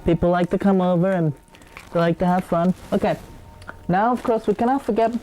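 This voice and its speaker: A man's voice: high voice, a little fast, dark tone, faint music behind. A man hosting a comedic cooking show, rambling and digressing with many hesitations.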